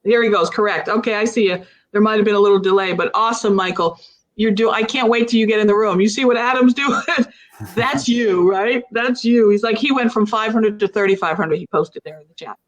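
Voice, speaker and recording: A woman's voice: medium pitch, brisk. Upbeat woman hosting a coaching livestream. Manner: upbeat, laughs often, asks rhetorical questions. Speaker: host.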